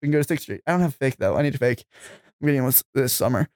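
A man's voice: mid-range voice, lively intonation, very fast, a little mellow, no room sound. A young man in casual chat, ranting and swearing as he gets heated about flaky friends. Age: young adult.

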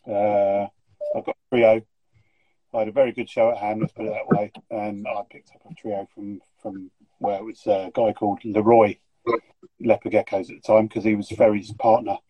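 A man's voice: on the low side, little pitch movement, moderate pace, breathy edge, no echo, dull audio. A middle-aged man chatting as a guest, full of joking, teasing banter. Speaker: guest breeder. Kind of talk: casual chat.

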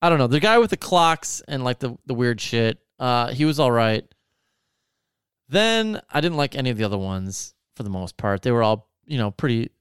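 Smooth-voiced man ranting profanely. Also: mid-range voice, sing-song, normal speed, dry recording, studio quality. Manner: profane, ranting, sarcastic storytelling. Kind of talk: casual chat.

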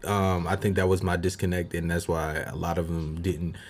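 A man co-hosting a podcast, relaxed, recounting his own school memories. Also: low-pitched, normal speed. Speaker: podcast host. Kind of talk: casual podcast chat.

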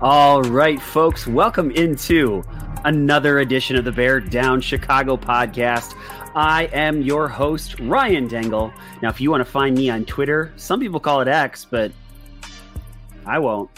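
A man hosting a casual sports podcast, upbeat and chatty with quick asides. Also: mid-range voice, fairly bright tone, soft background music. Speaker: podcast host.

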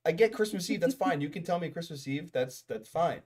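A man's voice: a little high, expressive, brisk, a little mellow, slightly rough. Male podcast co-host, casual, rambling, exasperated, laughs a lot. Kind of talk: casual chat.

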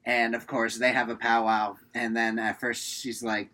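A man's voice: mid-range voice, little pitch movement, moderate pace, bright, forceful tone. A man co-hosting a casual movie review, agreeing and adding plot details in an easygoing way. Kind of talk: casual chat.

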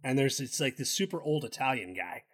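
A man's voice: mid-range voice, lively intonation, fairly quick, fairly bright tone, breathy edge. A man co-hosting a casual sports betting chat, loose and profane, rambling with restarts. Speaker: podcast co-host.

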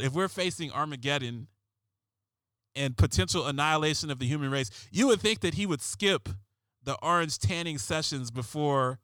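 A man's voice: on the high side, bright, forceful tone, dry recording. A man doing a sarcastic, rambling comedic monologue as host, often restarting his sentences.

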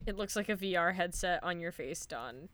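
A woman's voice: on the low side, lively intonation, normal speed, a bit bright. A young woman hosting a podcast, chatting playfully, swearing often and reading a news story aloud. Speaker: podcast host. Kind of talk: casual podcast chat.

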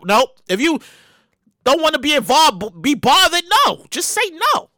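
A woman hosting her own show, giving animated, profane comedic commentary on news stories and repeating her words as she riffs. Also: sits high, moderate pace, dry recording, clean studio sound. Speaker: podcast host.

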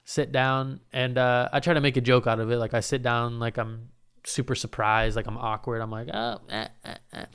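A young man retells a story in a loose, rambling way, swearing freely and restarting his sentences as he goes. His voice is smooth and clean at an ordinary middle pitch. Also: little pitch movement, moderate pace, fairly bright tone. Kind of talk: casual storytelling.

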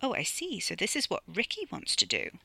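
Woman reading a wry, coaxing woman; bright, dry, close. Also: mid-range voice, wildly swooping pitch, brisk, gravelly, breathy edge, no echo, exaggerated voice.

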